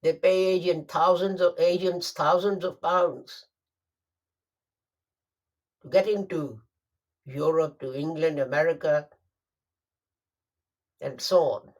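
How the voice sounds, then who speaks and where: A man delivering a Friday sermon, emphatic and deliberate, repeating phrases for stress. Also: fairly high pitch, steady tone, lo-fi sound. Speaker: preacher.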